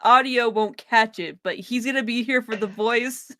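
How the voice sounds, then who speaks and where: A woman's voice: a little high, slow, fairly bright tone, no room sound, studio quality. A woman co-hosting a podcast in casual chat, teasing and laughing, stammering on restarts. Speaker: podcast co-host.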